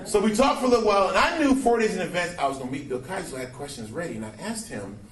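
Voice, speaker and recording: A man performing stand-up comedy, animated and breaking into impressions of other voices. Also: high voice, rapid-fire. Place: comedy club stage. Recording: roomy live club sound from a distance with loud crowd. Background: audience laughing.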